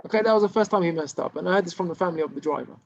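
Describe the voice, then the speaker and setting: A rabbi with a high, gravelly voice races through a story in an informal Torah class, restarting often and using many Hebrew terms. The recording is dull and lo-fi.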